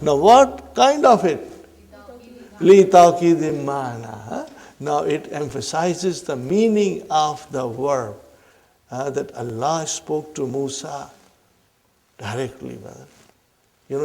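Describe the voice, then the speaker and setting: A man's voice: on the high side, darkish tone. A man teaching an Arabic grammar lesson to a class, who keeps asking questions and checking in with "huh?".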